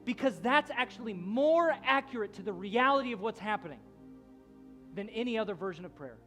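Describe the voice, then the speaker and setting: A man's voice: high-pitched, expressive, fairly quick, faint music behind. A man in his thirties preaching a sermon as a pastor, telling a story in a loose conversational way with many restarts. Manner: storytelling, rising to loud shouting at the climax.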